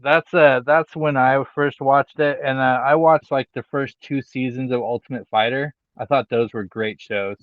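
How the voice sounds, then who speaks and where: A man co-hosting a wrestling podcast in casual chat, rambling with lots of fillers and getting animated when he retells things. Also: mid-range voice, moderate pace, few pauses, no room sound, muffled recording. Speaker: podcast co-host.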